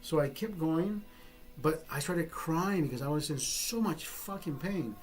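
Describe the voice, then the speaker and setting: A man's voice: a little high, expressive, measured pace, faint music behind. A man telling a personal story in a casual vlog, rambling and swearing freely with frequent restarts. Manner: profane, rambling, self-interrupting. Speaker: vlogger.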